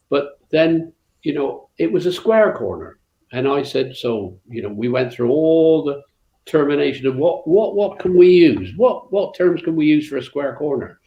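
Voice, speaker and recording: A man's voice: on the high side, expressive, moderate pace. An older man with a West Country accent, a former rally co-driver telling long stories in an interview, rambling with lots of fillers and restarts. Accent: West Country English. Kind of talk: anecdotal interview storytelling. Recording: roomy, dull lo-fi sound.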